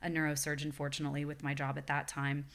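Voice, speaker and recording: A woman's voice: low voice, completely flat delivery, quick pace, vocal fry, fairly bright tone. A woman in her forties, a guest on a podcast, telling a personal story in an earnest, reflective way. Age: 40s. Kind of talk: personal testimony in a podcast interview.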